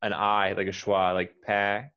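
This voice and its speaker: An American man teaching English pronunciation, with a fairly low voice. He says each word slowly and corrects gently. The sound is dull and lo-fi, like a call recording. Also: little pitch movement, clear, resonant tone. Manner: patient, models words slowly and corrects gently. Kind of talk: pronunciation coaching.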